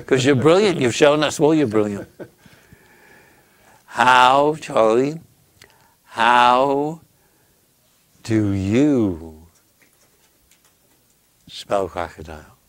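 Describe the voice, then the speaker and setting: A man hosting a casual chat, telling riddles and stories in a slow, drawn-out, teasing way. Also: on the low side, no echo. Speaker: host.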